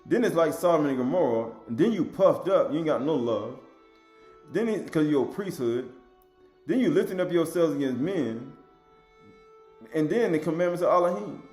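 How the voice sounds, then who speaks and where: A man's voice: lively intonation, normal speed, darkish tone. Guy preaching casual, keeps repeating himself, roomy echo, faint music behind. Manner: informal preaching, reading scripture aloud in a raised voice then commenting low; repetitive, emphatic. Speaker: religious lecturer. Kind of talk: sermon.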